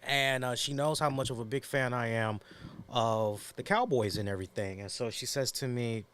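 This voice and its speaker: A man's voice: mid-range voice, normal speed, a bit bright. A man hosting a podcast, chatting casually and telling a rambling story with lots of fillers while nursing a headache. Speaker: podcast host. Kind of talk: casual chat.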